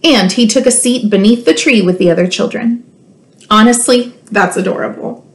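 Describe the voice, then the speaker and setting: A woman school librarian reading a children's storybook aloud, expressive and playful, with teasing asides to her listeners. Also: a little high, moderate pace.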